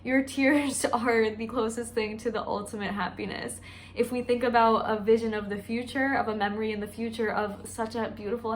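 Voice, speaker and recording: A woman's voice: fairly high pitch, a little hiss or hum. A woman who works as a dietitian, talking candidly and emotionally in a chatty personal vlog.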